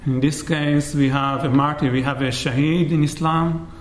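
A man giving an academic lecture in a measured way, often checking in with "right?". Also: fairly high pitch, flat delivery. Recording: roomy echo.

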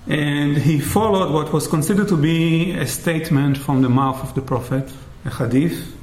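A man giving an academic lecture in a measured way, often checking in with "right?". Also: a little high, darkish tone. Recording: roomy echo.

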